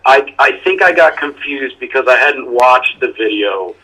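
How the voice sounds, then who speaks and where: A man's voice: mid-range voice, expressive, measured pace, pushed and bright, breathy edge. A man calling in to a live talk show over the phone, chatting about the news with the host. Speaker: caller. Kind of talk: phone-in conversation. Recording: tinny phone line.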